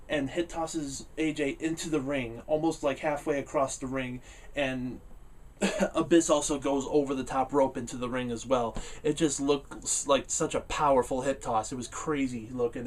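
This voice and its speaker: A man giving a casual spoken review of a wrestling event, rambling with lots of "uh" fillers and getting loud and animated when he rants. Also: medium pitch, distant mic. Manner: rambling, many "uh" fillers, laughs easily.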